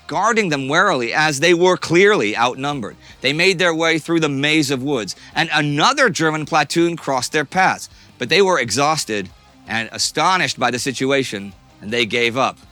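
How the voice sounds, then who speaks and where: Bright, tense dramatic male narrator. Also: a little high, animated, normal speed, faint music behind. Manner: dramatic storyteller, swings between tense and hushed. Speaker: history show narrator. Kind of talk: scripted documentary narration.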